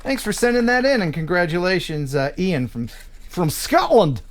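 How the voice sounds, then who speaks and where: A man hosting a live drone show, chatting casually, upbeat and quick to laugh. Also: high voice, big pitch swings, slight background noise. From United States. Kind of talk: casual live-stream chat.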